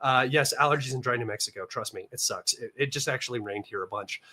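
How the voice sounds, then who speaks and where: A man's voice: mid-range voice, quick pace, noisy background. A young American man hosting a casual livestream from his room, rambling and chatty with lots of fillers, slightly nasal from allergies. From United States. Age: young adult. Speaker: livestream host.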